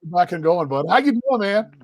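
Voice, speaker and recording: Chatty high-voiced American man. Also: moderate pace. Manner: chatty, energetic, rambling with fillers. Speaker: podcast host. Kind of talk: casual live sports talk.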